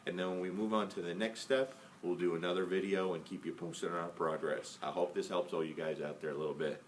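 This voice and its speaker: A dog trainer calmly explaining each step of a training method, patient and often checking in with "okay?". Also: male voice, sits low, a little fast. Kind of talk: casual instructional demo. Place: indoors at home with a dog. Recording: faint background noise, mic at some distance.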